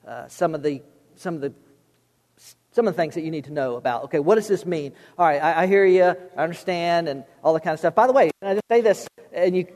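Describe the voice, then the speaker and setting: A man's voice: high voice, in a large hall. A man preaching a sermon as pastor, conversational and humorous, repeating words as he goes.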